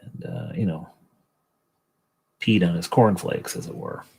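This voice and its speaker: Middle-aged man, deep husky voice, rambling, self-deprecating chat, livestream host. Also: unhurried, warm tone, low-quality recording. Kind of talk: casual chat while painting miniatures.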